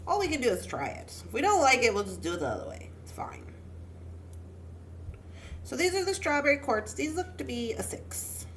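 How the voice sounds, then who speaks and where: Making jewelry on a relaxed livestream, the pregnant young host chats away, greets viewers by name, and mutters to herself as she works. She speaks at normal speed in a sing-song, medium-pitched voice with vocal fry, and there's slight background noise.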